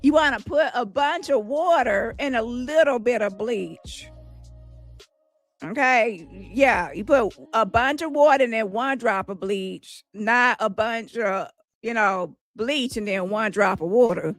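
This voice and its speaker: A woman's voice: on the high side, a little slow, soft background music. A woman hosting a livestream, ranting in a profane, taunting and mocking way at someone she calls out. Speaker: livestream host. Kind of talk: combative livestream rant. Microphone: phone.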